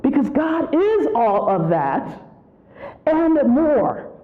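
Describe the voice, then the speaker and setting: A woman giving a spiritual retreat talk, telling a personal story with animated storytelling and acting out what people said. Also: sits high, very slow. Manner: animated storytelling, acts out quotes. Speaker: retreat speaker. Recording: tinny phone-like sound.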